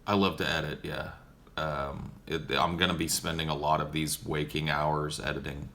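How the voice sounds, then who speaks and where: A man's voice: rumbling low, little pitch movement, normal speed, bright, forceful tone. A young man casually answering viewer questions on a livestream in a profane, joking, laid-back way.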